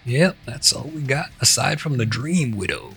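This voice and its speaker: Easygoing male co-host, sharp bright tone, soft guitar behind. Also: mid-range voice, big pitch swings, normal speed, creaky, breathy edge. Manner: easygoing, laughs along often. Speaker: podcast co-host. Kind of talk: casual chat.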